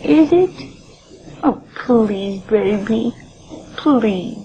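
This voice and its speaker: A woman's voice: on the high side, lively intonation, very slow, mellow, full character voice. A woman playing a middle-aged mother who dotes on her son, nags him and lays on the guilt in a comedy sketch. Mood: doting. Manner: wheedling and guilt-laying. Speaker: comedy performer. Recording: dull old comedy record with audience laughter.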